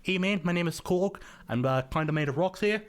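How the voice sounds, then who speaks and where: Korg, a man doing a mellow rock-man alien. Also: high-pitched, fairly quick, pitched above the performer's own voice, lightly acted. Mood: friendly. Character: gentle, rocky male alien, laid-back.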